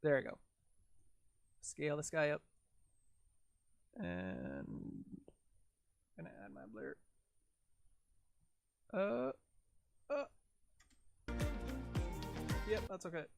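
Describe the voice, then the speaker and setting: A man's voice: fairly high pitch, huge pitch swings, extremely slow, creaky, long pauses, no echo, soft background music. A man with a Canadian accent chatting casually on a livestream while he edits video, rambling, full of "like" fillers and talking to himself as he works.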